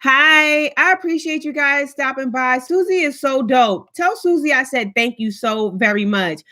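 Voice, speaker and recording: A woman's voice: high-pitched, animated, unhurried, sharp tone. A woman hosting a casual live stream, chatting upbeat and greeting viewers one by one by name.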